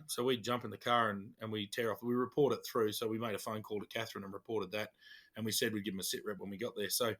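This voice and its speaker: An Australian man co-hosting a podcast, telling old police stories in a relaxed, chatty way. His voice is bright and forceful, and he brings the tales to life by acting out what people said. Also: fairly low pitch. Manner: animated, acts out dialogue in his stories. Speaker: podcast co-host, police officer. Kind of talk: casual storytelling chat.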